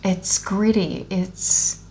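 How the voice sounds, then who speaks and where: A woman with a warm, level, medium-pitched voice speaks very slowly in an unscripted monologue about her spiritual awakening. She's blunt and heavily profane yet earnest and emotional, rambling and restarting as she goes.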